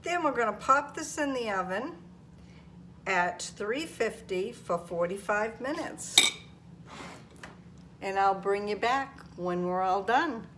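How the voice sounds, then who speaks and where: Slow, homey older woman. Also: mid-range voice, a bit bright, a little hiss or hum. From Maine. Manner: homey, chatty, talks viewers through each step. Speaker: home cooking vlogger. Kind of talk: casual cooking demonstration. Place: home kitchen.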